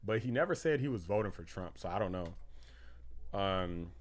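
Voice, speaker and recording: A man hosting a political live stream, reacting excitedly to posts and news, laughing and rambling between thoughts. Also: low-pitched, normal speed. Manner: rambling with restarts and fillers. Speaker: political livestream host.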